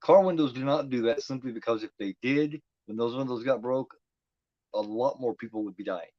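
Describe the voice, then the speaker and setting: A man's voice: medium pitch, fairly quick, no echo, lo-fi sound. A man giving casual, profane commentary while watching a movie, talking back at the screen.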